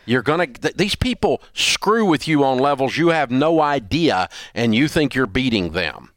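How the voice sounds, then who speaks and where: A man's voice: mid-range voice, very animated, normal speed, fairly bright tone, no echo, studio quality. An older man hosting a radio advice show, blunt and scolding in an emphatic, repetitive way. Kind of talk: call-in advice show banter.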